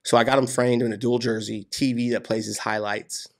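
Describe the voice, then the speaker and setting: Gravelly-voiced man telling stories animatedly. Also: mid-range voice, fairly quick. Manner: animated, swears, says "dude" and "man". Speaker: podcast guest. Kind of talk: casual storytelling interview.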